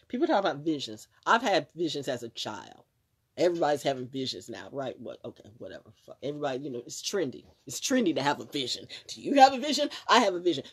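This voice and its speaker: A woman's voice: sits low, slightly rough. A woman hosting a live stream, talking casually in a rambling, emphatic way with frequent swearing and restarts. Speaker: livestream host.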